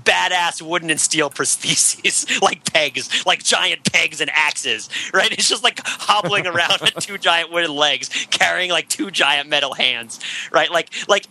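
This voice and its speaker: A man chatting casually about a movie, excitable and laughing, breaking into mock heavy-metal narration. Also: fairly high pitch, unhurried, creaky. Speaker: podcast panelist. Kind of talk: casual movie review chat.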